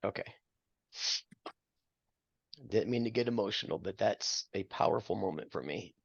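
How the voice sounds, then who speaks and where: An older man gives earnest, preacherly counsel to a married couple and pokes fun at himself along the way. His voice has a gravelly rasp and sits close and dry in the mic. The recording is dull and lo-fi. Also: lowish voice, normal speed, no room sound. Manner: earnest, preacherly, self-deprecating. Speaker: marriage mentor. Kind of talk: counseling talk with scripture.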